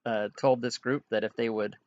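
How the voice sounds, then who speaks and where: A man voicing an eager male town healer in a higher, excited voice. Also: moderate pace, no room sound, lo-fi sound, natural voice.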